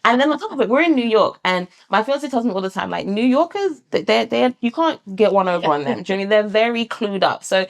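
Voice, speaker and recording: A British woman, a midwife and founder of a sonogram service, talking in a lively conversational interview and acting out other people's voices. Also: a little high, fast talker, creaky, few pauses. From England. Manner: animated, acts out other people's voices in quotes.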